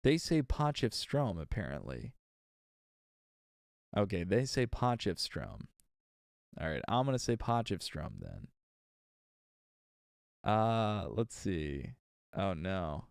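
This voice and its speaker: A man with a low, creaky voice whose pitch swoops wildly is recording an audiobook on a livestream. He reads slowly with retakes and chats with exasperated asides between takes. The sound is clean studio quality with no echo.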